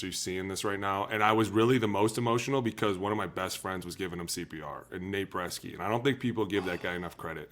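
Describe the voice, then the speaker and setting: A former pro football lineman in his thirties talks candidly on a podcast, earnest and emotional, speaking fast and acting out what other people said. His voice is low and a bit bright.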